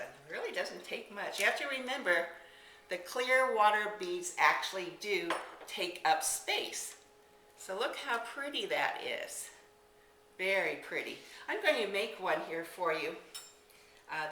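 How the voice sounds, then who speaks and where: A woman's voice: fairly low pitch, recorded from a distance, heavy background noise. A woman casually demonstrating decorating crafts, chatty and enthusiastic, exclaiming as she works. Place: indoor room. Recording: echoey room, somewhat off-mic.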